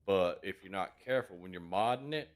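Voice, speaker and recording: Man with a very low voice, casual gamer explaining step by step, hesitant. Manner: halting, lots of uh and um. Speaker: fellow gamer on voice chat.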